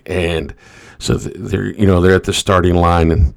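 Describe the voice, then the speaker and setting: A man's voice: low voice, flat delivery, measured pace, creaky, no room sound. A man telling a motivational story in a loose, rambling way, full of asides.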